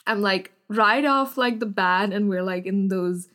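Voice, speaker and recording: A woman's voice: medium pitch, measured pace, a bit bright. A young adult woman, a podcast guest, chatting casually with lots of fillers and frequent laughter.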